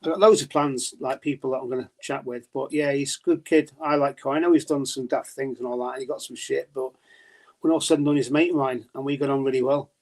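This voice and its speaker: A man's voice: mid-range voice, steady tone, fast. A man as a podcast guest in casual chat, telling stories chattily, swearing and laughing often.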